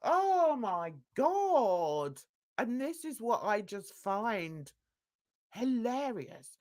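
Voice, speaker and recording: Woman ranting on a live react, slow talker, pitch going all over the place, laughs a lot. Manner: scornful, laughing, exclamatory. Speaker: host of a live reaction stream.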